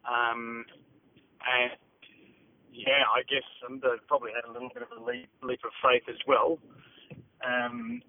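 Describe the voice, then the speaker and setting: A man's voice: medium pitch, measured pace, vocal fry, long pauses, no echo. A middle-aged man from England with an Australian accent, recalling his acting work in a hesitant phone interview full of fillers. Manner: hesitant, many fillers and restarts. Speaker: interview guest, actor. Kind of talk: phone interview, casual recollection. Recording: tinny phone line.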